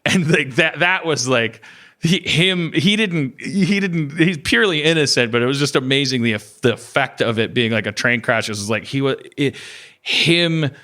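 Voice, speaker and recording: A man chatting on a comedy podcast, rambling and halting, with lots of restarts and fillers. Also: mid-range voice, animated, sharp tone. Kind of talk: casual comedy podcast chat.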